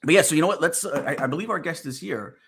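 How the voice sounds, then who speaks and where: A man's voice: fairly high pitch, fast talker, creaky, a bit bright. A man with a New York accent hosting a casual sports and entertainment podcast, rambling with many fillers. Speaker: podcast host.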